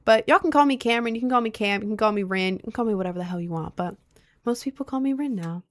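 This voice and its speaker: A woman's voice: on the high side, very fast. A young woman from rural Maryland with a faint Southern lilt, chatting casually on a stream and answering questions from chat as they come in. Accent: slight Southern lilt on some words. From rural Maryland, United States. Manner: rambling, chatty, with frequent fillers and laughs.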